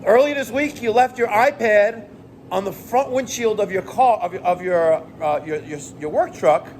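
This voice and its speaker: A middle-aged man, a plumbing business owner ranting to the camera in an animated, profane, exasperated way. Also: sits high, normal speed, a little hiss or hum. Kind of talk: rant vlog to camera.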